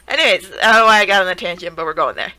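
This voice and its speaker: A young woman streamer giving casual, excitable reaction commentary, swearing and laughing as she talks to the screen. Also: medium pitch, very fast, a little hiss or hum, rough recording.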